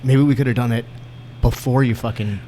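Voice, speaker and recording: A man's voice: medium pitch, fairly even intonation, fairly quick, dark tone, a little hiss or hum. A man hosting a podcast in casual chat, jokey and profane, laughing often. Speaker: podcast host.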